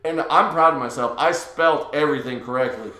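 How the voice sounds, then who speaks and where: A man's voice: fairly high pitch, brisk, a little hiss or hum. Laid-back man telling a story, echoey room. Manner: relaxed, laughing, swearing storyteller. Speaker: podcast co-host. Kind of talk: casual chat, storytelling.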